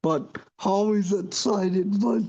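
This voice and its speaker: A man hosts a casual livestream sports chat, speaking very slowly in a fairly high voice and stumbling over repeated words. The stream audio is dull and lo-fi. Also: darkish tone. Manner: halting, repeats words and restarts. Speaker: show host.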